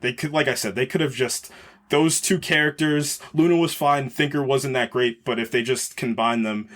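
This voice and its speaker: A man's voice: medium pitch, moderate pace, fairly bright tone. Male podcast host, casual film review, rambling and searching for words.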